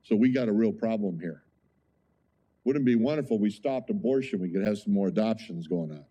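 A man's voice: on the low side, animated, a little fast, warm tone, husky. A male pastor preaching a sermon in an emphatic, conversational way, often asking the congregation rhetorical questions.

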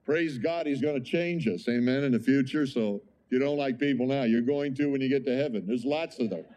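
Man, pastor, sermon, mellow warm tone, emphatic, conversational, rhetorical questions. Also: medium pitch, brisk, a little hiss or hum.

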